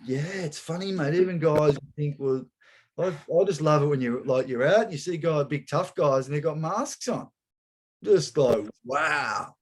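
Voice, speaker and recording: A man's voice: a little high, normal speed, slightly rough. A man hosting a casual podcast chat, rambling and slangy, calling his guest mate and bro. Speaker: podcast host.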